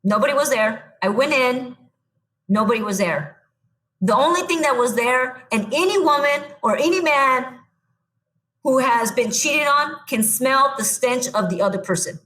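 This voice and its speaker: Blunt, animated woman telling a story. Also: high-pitched, normal speed. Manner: animated, blunt storyteller acting out her own past lines. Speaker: podcast guest. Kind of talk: casual storytelling.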